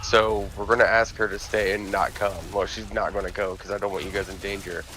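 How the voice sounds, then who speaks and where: A man's voice: on the low side, level tone, a little fast, bright, forceful tone. A man playing a tabletop game, talking his character's moves through in hesitant, filler-heavy speech. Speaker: player. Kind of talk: casual chat at a game table.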